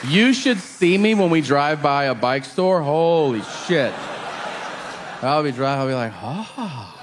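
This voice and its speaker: A man in his forties doing a stand-up routine, telling stories with shouted character voices. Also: fairly high pitch, animated, unhurried, background noise. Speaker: stand-up comedian. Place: theater stage with audience laughter. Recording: live hall with long reverb.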